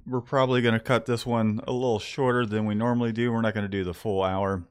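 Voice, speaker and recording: A man hosting a casual live stream from a screen printing shop, relaxed and laughing often. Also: fairly low pitch, quick pace, a loud crowd. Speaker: host.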